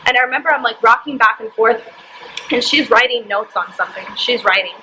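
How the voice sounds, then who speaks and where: A woman's voice: fairly high pitch, brisk, bright, forceful tone, a little hiss or hum, rough recording. A young woman vlogger telling a personal story to camera, candid and emotional, with lots of "like" fillers. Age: young adult.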